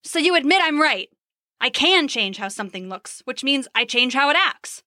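A woman's voice: sits high, very animated, normal speed, bright, forceful tone, no echo, clean studio sound, pitched above the performer's own voice, full character voice. A woman putting on a roaring, boastful old god. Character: blustering old male god, boastful and quick-tempered.

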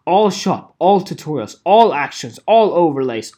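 Casual vlogger ranting, swears freely, drawn-out delivery with big pitch swings. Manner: animated, profane, repeats phrases, laughs often. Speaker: photographer vlogger.

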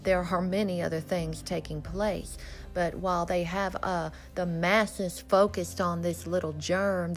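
A woman preaching a sermon, reading scripture slowly and solemnly and building to emphatic, fervent declarations. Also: on the low side.

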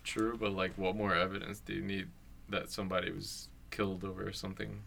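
A man's voice: low voice, little pitch movement, brisk, gravelly, pushed and bright, slight background noise. A young man co-hosting a podcast in casual chat, laid-back, swearing freely. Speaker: podcast co-host.

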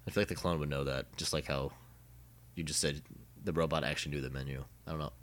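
A young man with a very low voice chats loosely with a friend. He swears casually and often lets his sentences sink into quiet mumbles. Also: fairly even intonation, fast. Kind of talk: casual chat.

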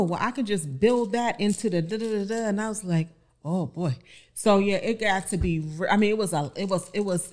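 Woman guest, low-pitched, animated storyteller who repeats herself and acts out quotes. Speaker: podcast guest, bride. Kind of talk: casual chat.

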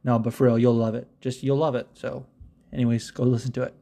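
A man's voice: mid-range voice, fast, vocal fry. Guy hosting his podcast solo, rambly and sweary, gets worked up. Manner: rambling, profane, excitable. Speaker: podcast host. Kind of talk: casual solo podcast chat.

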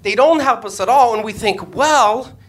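A man's voice: high voice, fairly quick, a bit bright. A man, a comedian and podcast host, telling a crude story on stage before a live audience and acting out the voices he quotes.

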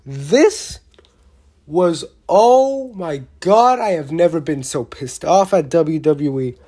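Unhurried, soft-toned wrestling vlogger; blunt, rambling, excitable opinions. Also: mid-range voice. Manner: rambling, excitable, with many restarts; blunt, with mild swearing. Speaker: wrestling show reviewer. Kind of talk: casual opinionated review.

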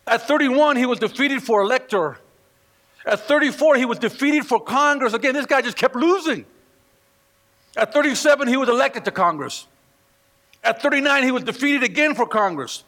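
A man preaching a sermon in church, telling stories with animated delivery and acting out the people he quotes. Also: extremely high pitch. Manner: animated storytelling, acts out quoted voices. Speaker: pastor. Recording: long reverb of a hall.

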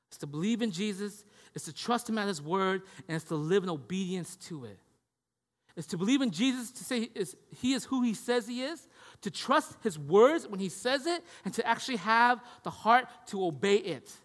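A man's voice: high voice, lively intonation, moderate pace, fairly bright tone. Man preaching casually in a reverberant hall. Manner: casual, repeats "right?" and "you guys get me?". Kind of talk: conversational sermon.

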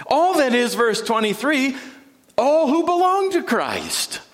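A man delivering a sermon in a high, lively voice that swings widely in pitch. He speaks slowly and deliberately, dropping to a near hush and then climbing into ringing emphasis. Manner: dramatic, with sudden drops to a hush and rising emphasis. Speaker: pastor. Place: church sanctuary.

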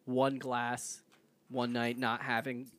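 A man's voice: mid-range voice, completely flat delivery, takes it slowly, a bit bright. A man around thirty co-hosting a podcast, reflective and laid-back in casual chat. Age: 30s. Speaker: podcast co-host.

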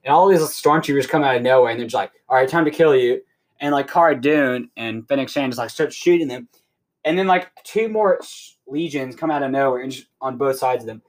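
A man's voice: mid-range voice, brisk. A young man hosting a podcast, giving a rambling, casual recap of a show episode, full of "like" fillers. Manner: rambling, heavy use of "like" fillers. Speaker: podcast host.

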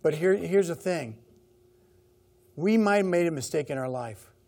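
Middle-aged guy preaching, slightly high voice, talky and repeats himself. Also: animated, moderate pace, vocal fry, dark tone. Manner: conversational preaching with repeated phrases. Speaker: pastor. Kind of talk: sermon.

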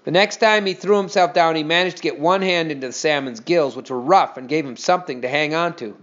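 Guy reading a kids story out loud, expressive, kinda muffled audio. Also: a little high, a little fast. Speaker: narrator. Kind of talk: reading a children's story aloud. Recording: dull lo-fi recording.

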